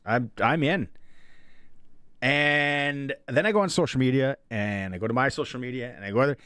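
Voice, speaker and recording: A man's voice: mid-range voice, dry recording, studio quality. A Canadian man hosting a sports radio show, telling stories in casual talk and acting out the voices of the people he quotes. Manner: animated storyteller, acts out quoted voices. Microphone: studio microphone.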